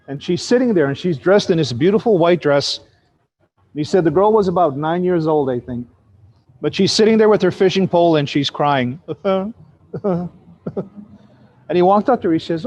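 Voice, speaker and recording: A man telling a ghost story with vivid drama. His voice is slightly high, and the recording sounds dull and lo-fi. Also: warm tone.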